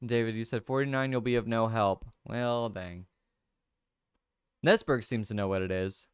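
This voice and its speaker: A young man casually hosting a livestream, thinking out loud over crossword clues, reading viewer comments and laughing often. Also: on the low side, moderate pace, smooth, no room sound, clean studio sound. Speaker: livestream host. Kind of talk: casual chat, solving a crossword with chat.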